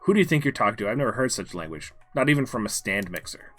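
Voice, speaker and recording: A man's voice: on the low side, lively intonation, fast, a bit bright, faint music behind. A man voicing a prim, indignant male robot who is offended by rude language.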